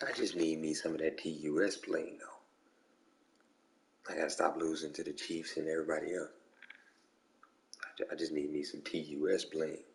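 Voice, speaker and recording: A man's voice: extremely low pitch, little pitch movement, moderate pace, long pauses, slight background noise. A man chatting casually with friends during an online game league, slangy and repetitive. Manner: slangy, repeats "bro" and "come on".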